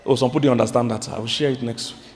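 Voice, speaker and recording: A Nigerian man preaching a sermon as pastor, animated, with sudden high outbursts and questions to his congregation. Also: rapid-fire, big-room sound.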